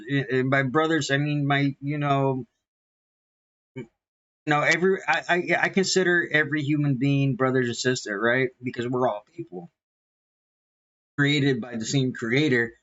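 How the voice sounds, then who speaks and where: A man's voice: mid-range voice, a bit bright. Rambling earnest American man, lo-fi. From United States. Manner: repetitive, restarts often, earnest. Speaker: vlogger and minister. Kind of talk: rambling casual monologue. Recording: dull lo-fi sound.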